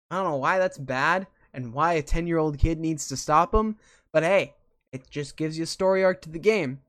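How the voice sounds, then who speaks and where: A host in a casual chat, rambling enthusiastically with lots of fillers. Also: mid-range voice. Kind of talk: casual chat about video games.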